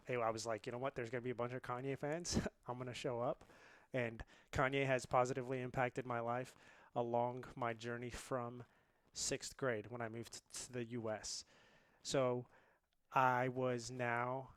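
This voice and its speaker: A man in his late twenties, originally from India, telling a story as a podcast guest in a lively, laughing way. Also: medium pitch, no room sound. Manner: animated, laughs often. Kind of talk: casual storytelling.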